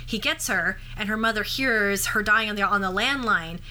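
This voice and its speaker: A woman's voice: medium pitch, moderate pace, sharp tone, a little hiss or hum. A woman co-hosting a podcast in casual conversation, talking through her points with restarts and self-corrections. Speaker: podcast co-host. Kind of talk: casual chat.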